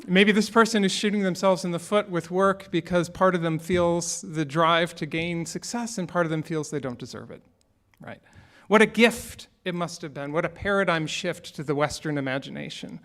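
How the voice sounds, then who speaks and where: Male minister, fairly high voice, relaxed conversational sermon with humor. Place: church sanctuary.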